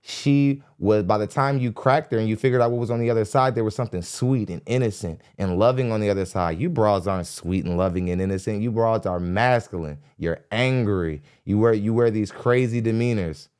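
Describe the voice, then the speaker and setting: A man's voice: a little fast, few pauses, a little mellow, clean tone. Blunt, mocking male podcast host. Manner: blunt, mocking, heated, breaks into laughs; mimics others in high squeaky voices. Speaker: podcast host reacting to a dating show. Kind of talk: ranting reaction commentary. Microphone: studio mic.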